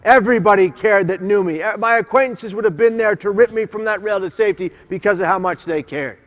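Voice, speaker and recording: Male keynote speaker, high-pitched, passionate and emphatic, in a big reverberant conference hall. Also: fast talker. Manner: impassioned, emphatic, leads audience call-and-response. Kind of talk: motivational keynote speech.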